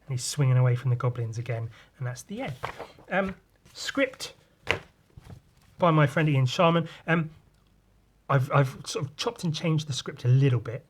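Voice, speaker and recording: A man's voice: mid-range voice, expressive, normal speed, long pauses, a little hiss or hum. A man, hosting a podcast, rambling casually about drawing and swearing freely. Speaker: podcast host and comic artist. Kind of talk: casual chat.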